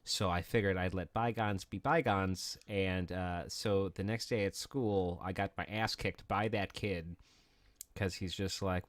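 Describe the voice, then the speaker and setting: A man's voice: sits low, unhurried, a bit bright, no room sound. A male streamer telling stories to friends in casual, profane chat, acting out other people's lines. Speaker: streamer host.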